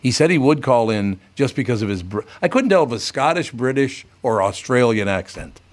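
A man's voice: medium pitch, a little fast. A man hosting a radio show, telling stories in casual banter and swearing freely. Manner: animated storyteller, swears casually.

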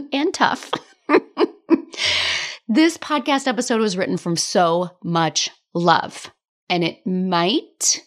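Woman podcast host, casual solo monologue, candid and laughing, mid-range voice. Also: medium pitch. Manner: chatty, candid, laughs often, occasional swearing. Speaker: podcast host and business coach.

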